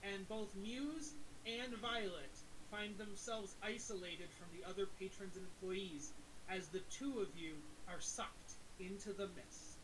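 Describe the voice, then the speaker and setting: A woman narrates as game master, unhurried and a little hesitant. Her pitch sits mid-range. There is a clear hiss behind her voice. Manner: relaxed, hesitant with fillers.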